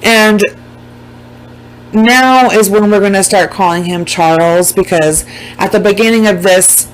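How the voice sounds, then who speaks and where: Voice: medium pitch, unhurried, rough recording. This is a vlogger talking casually straight to the audience. The delivery is loose and rambling, with plenty of swearing and words repeated for emphasis. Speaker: vlogger recapping a documentary. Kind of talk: casual chat.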